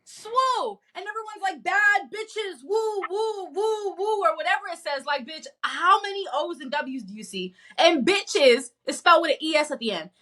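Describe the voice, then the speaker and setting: A woman co-hosting a podcast, talking in a blunt, profane, animated rant. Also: high-pitched, a little fast, hardly any pauses. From not from the American South. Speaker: podcast co-host. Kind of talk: casual chat.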